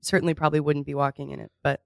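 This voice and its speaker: Brief: giggly Texan woman, guest comedian, low-ish pitch, dry close mic. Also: little pitch movement, rapid-fire, vocal fry, a little mellow, dry recording. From Texas, outside Houston. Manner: playful, giggly. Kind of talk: casual podcast chat. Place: radio studio.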